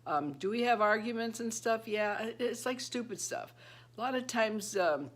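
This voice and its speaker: A woman's voice: a little high, lively intonation, moderate pace. A woman in her fifties, recently retired, chatting to camera in a rambling way and laughing often. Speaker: beauty vlogger. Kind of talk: casual chat to camera.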